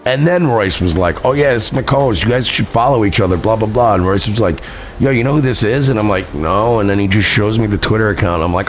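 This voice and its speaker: A man's voice: lowish voice, a little fast, soft background music. A man telling a rambling, profane story on his livestream, laughing at himself. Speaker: streamer recounting a party. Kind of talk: casual livestream chat.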